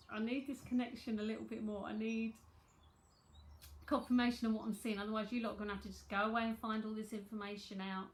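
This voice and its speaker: A woman with a London accent giving a chatty live psychic tarot reading from home, repeating herself as she talks to viewers. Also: fairly high pitch.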